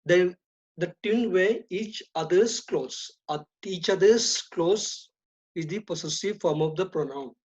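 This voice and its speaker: Female teacher, slow methodical delivery, lowish voice, muffled lo-fi audio. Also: a little mellow, breathy edge. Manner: slow, deliberate, repeats and stresses key terms. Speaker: English teacher. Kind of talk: classroom grammar lesson. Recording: dull lo-fi recording.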